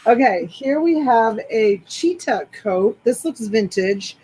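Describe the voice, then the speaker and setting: A woman's voice: fairly high pitch, slow pace, pauses often, a little hiss or hum, low-quality recording. A woman hosting a live selling stream, chatting enthusiastically as she describes each clothing item. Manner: enthusiastic, rambling product descriptions. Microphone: desktop USB microphone.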